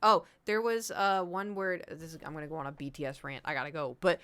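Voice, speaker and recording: A woman's voice: sits low, lively intonation, fairly quick, a bit bright, clear, resonant tone. A woman in her thirties, chatting casually to her live stream audience and rambling through stories with frequent laughs. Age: 30s.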